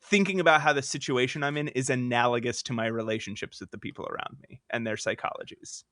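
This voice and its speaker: A man co-hosting a podcast in casual chat, telling stories quickly and laughing often. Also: medium pitch, steady tone, a bit bright, no room sound, studio quality. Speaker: podcast co-host.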